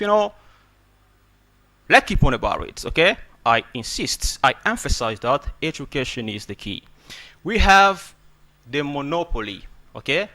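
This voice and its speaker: A man hosting a radio English lesson, emphatic and preachy, tagging nearly every sentence with "okay?". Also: a little high. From Democratic Republic of Congo. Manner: emphatic, preachy teacher, often gets louder to stress a point. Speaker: English teacher and radio host.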